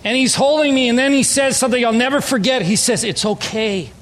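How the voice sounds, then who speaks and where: A man's voice: very high voice, quick pace, a bit bright, a little hiss or hum. A man preaching an emphatic, story-driven sermon as a pastor. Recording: long hall reverb.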